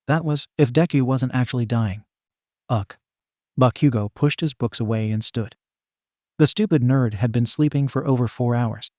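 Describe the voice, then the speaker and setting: Male narrator, fan fiction reading, steady delivery, mid pitch, dry close sound. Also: dry recording. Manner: steady storytelling read.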